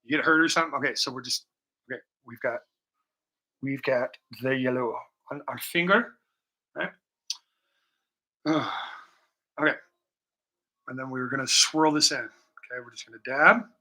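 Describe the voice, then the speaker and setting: A man's voice: medium pitch, normal speed, long pauses, pushed and bright, poor audio. A man livestreaming a painting session, chatting casually with a joking, profane, rambling manner and breaking into snatches of song, heard through a laptop mic. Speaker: live-streaming painter.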